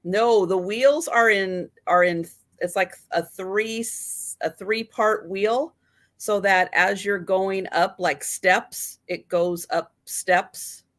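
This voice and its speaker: Woman hosting a live stream, slow easy talker, friendly hellos to the chat. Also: medium pitch, steady tone. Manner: unhurried, friendly chat, greets viewers.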